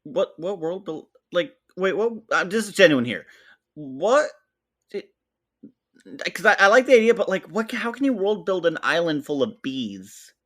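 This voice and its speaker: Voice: medium pitch, big pitch swings, unhurried, a bit bright. A podcast co-host bantering casually, teasing the others and swearing lightly.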